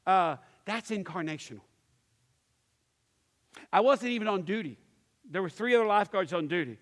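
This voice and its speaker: His voice sits high and a bit bright, expressive at a normal speed, as the pastor from around Pittsburgh teaches a church class. He acts out voices in his stories amid many fillers and restarts, recorded with long hall reverb.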